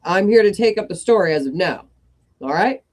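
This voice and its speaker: A woman's voice: on the low side, lively intonation, brisk, a little mellow. A woman voicing a leering, overfamiliar male TV host spirit. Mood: chummy.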